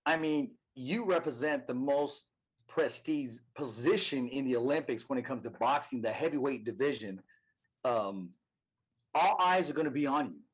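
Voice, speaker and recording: A man's voice: mid-range voice, moderate pace, husky, poor audio. A man hosting a podcast, asking friendly, encouraging questions in casual interview talk. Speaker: podcast host.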